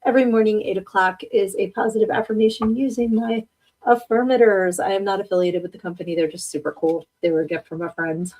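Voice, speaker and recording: A woman's voice: mid-range voice, fairly even intonation, quick pace, a little mellow. A woman hosts a live podcast in a casual, joking way. She chats freely with her listeners and laughs often. Her voice sits in a middle range. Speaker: podcast host. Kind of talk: casual live-stream chat.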